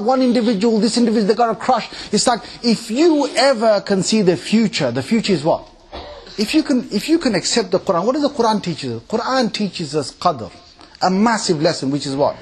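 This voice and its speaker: A man giving a lecture at a mosque, talking animatedly and checking in with his listeners with quick questions. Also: high-pitched, breathy edge. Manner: animated, acts out quoted voices and laughs often. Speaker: Islamic lecturer.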